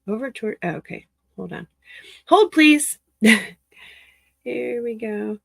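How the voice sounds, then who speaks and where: A woman's voice: mid-range voice, slow, vocal fry, fairly bright tone, husky, no echo, rough recording. A woman chatting casually with livestream viewers as she works, laughing often and greeting them by name. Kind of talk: casual livestream chat while working.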